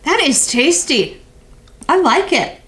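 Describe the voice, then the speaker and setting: A woman guesting on a casual podcast, chatty and quick to laugh. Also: high voice, sing-song, a bit bright. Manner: giggly, chatty. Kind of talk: casual chat.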